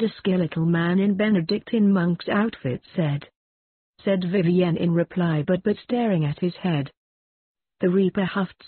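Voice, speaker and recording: Ballad narrator, steady recital, husky voice, phone-line audio. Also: mid-range voice, a little slow. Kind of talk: reading a ballad aloud. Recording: dry tinny phone-like recording.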